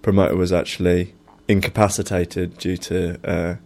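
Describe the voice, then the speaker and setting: A man's voice: low voice, little pitch movement, moderate pace, a little mellow, a little hiss or hum. A young man telling rambling anecdotes in casual chat, with plenty of fillers and laughter.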